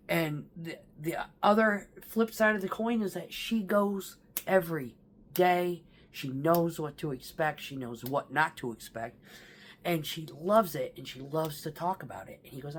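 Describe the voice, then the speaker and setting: A woman's voice: sits low, animated, measured pace, breathy edge. A woman talking casually to camera about her stepfather's last days, rambling and emotional, with casual swearing. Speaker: vlogger. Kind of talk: casual personal storytelling.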